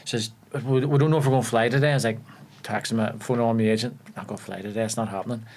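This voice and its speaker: A young man with a Belfast accent, an actor telling animated stories on a podcast and laughing often. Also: medium pitch, racing. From Northern Ireland. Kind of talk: casual storytelling chat. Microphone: podcast studio mic.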